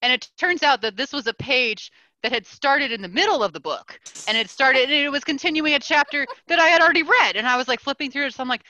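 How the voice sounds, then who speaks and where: A woman co-hosting a podcast, telling a story in an animated, swearing rant full of "like". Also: high-pitched, fast, no room sound, lo-fi sound. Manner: animated ranting with lots of "like" and swearing. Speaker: podcast co-host. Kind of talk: casual chat, storytelling.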